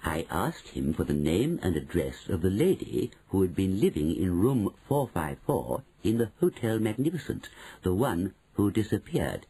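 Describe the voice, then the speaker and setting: A man reading an audiobook, voicing a shrewd, bold old grandmother who speaks slowly and knowingly. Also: low voice, very animated, dark tone, breathy edge, pitched below the performer's own voice, heavily acted, rough recording. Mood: measured. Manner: slow, measured and knowing.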